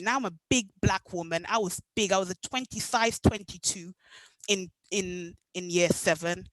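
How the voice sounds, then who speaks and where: A woman's voice: mid-range voice, normal speed, no echo, low-quality recording. Jamaican woman telling her story. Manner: animated, acts out past dialogue. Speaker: meetup speaker. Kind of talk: personal storytelling talk.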